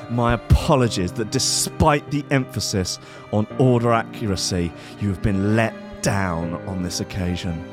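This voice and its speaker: A man hosting a radio show, ranting sarcastically and swearing as he reads and mocks news stories. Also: on the low side. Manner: sweary, sarcastic rants with mock outrage. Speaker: radio host.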